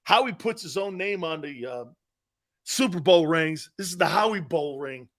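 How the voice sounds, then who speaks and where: A man hosting a sports talk show, riffing casually in a mocking way, laughing often and slipping into quick impressions of others. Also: a little high, lively intonation, fairly bright tone.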